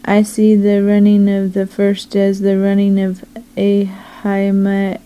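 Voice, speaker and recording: A male watchman calls out what he sees in a slow, flat voice, as a woman reads his lines. The tone is mellow, and the pitch stays level. It is read plainly rather than acted. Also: clean tone, natural voice, rough recording. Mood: watchful. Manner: flat, slow, unhurried reading.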